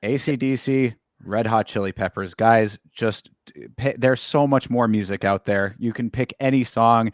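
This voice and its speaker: A man's voice: mid-range voice, a little slow, dry recording, clean studio sound. A man co-hosting a casual fight breakdown, easygoing and agreeable, with many hedges. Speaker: co-host.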